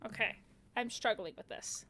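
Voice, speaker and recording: A woman's voice: mid-range voice, moderate pace, pushed and bright. A young woman streaming a game, playful and muttering to herself as she plays. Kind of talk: gaming livestream commentary.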